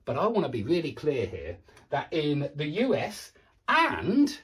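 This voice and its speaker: Man, southern English accent, pronunciation teacher, animated intonation, exaggerated word contrasts, casual asides. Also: a little high. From southern England. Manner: repeats words slowly with exaggerated contrast, chatty asides. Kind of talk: online pronunciation lesson.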